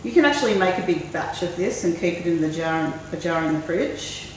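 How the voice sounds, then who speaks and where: A woman's voice: lowish voice, a little fast. Woman chatting in an echoey kitchen. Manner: chatty, relaxed, thinks aloud. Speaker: cooking show host. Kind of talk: casual cooking demonstration. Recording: very echoey room, mic far off, faint noise.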